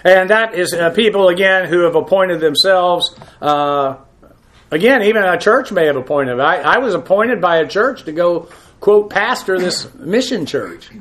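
A man with a somewhat high voice teaches a verse-by-verse Bible lesson. He pauses often on uh fillers while working through the text. His asides are blunt and frank. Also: animated, fairly bright tone. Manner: halting, frequent uh fillers. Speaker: pastor.

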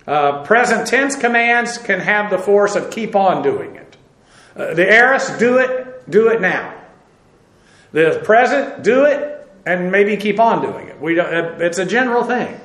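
A man teaching a Bible lesson, explaining slowly with many "uh" fillers and self-corrections. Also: sits high, a bit bright, reverberant, poor audio. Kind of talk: lecture on Greek verb tenses.

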